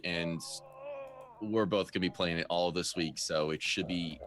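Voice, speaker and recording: A man with a somewhat low voice speaking in an easygoing way. He drops casual swears while chatting on a livestream. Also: flat delivery, normal speed, a bit bright. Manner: laid-back, swears casually. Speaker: streamer and player.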